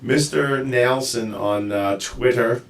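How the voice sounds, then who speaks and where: A man hosting a live video-call show, talking in a casual, halting way with lots of fillers and restarts. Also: mid-range voice. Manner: rambling, halting, with many fillers. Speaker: show host. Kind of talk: casual live-stream chat.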